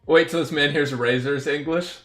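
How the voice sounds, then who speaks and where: Male streamer, casual rambling gaming chat, crisp bright tone, candid opinions. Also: a little high, fairly even intonation, moderate pace, faint music behind.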